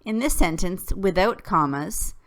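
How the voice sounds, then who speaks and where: A woman teacher reading a scripted lesson, careful and deliberate, with clear pauses. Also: on the low side, lively intonation, fairly bright tone. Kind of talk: slow scripted lesson narration.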